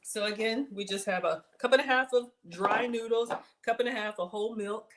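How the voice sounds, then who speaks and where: A woman's voice: fairly high pitch, moderate pace, noisy background. A woman hosting a casual cooking livestream from her home kitchen, chatting and answering viewer comments as she works. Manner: chatty, reads viewer comments aloud, folksy.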